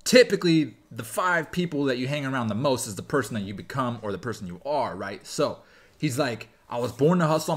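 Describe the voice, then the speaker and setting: A man hosting a music reaction video, reacting excitedly and explaining rap lyrics line by line with laughs. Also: mid-range voice. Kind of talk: casual music reaction commentary.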